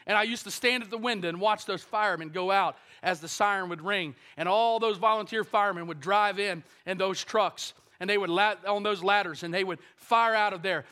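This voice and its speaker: A man in his fifties gives a sermon testimony in a high, bright voice. He tells the story earnestly and often swings from soft to loud for emphasis. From Kentucky. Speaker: preacher.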